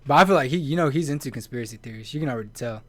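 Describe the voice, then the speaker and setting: A young man co-hosting a podcast, telling a story in relaxed slang and laughing often. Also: medium pitch, rapid-fire, no room sound. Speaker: podcast co-host. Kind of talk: casual chat, storytelling.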